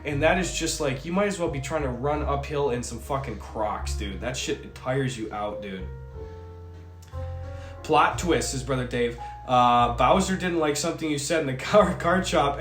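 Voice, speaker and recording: A man's voice: on the high side, a bit bright. Rambling chatty man, echoey room. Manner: rambling, swearing, jokey asides. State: a bit sick. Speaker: streamer reading chat. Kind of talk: casual livestream chat.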